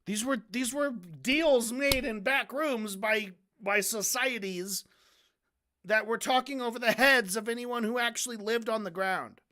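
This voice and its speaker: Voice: mid-range voice, measured pace, pushed and bright. Profane, heated debate streamer. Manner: stumbles and repeats words. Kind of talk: casual ranting commentary.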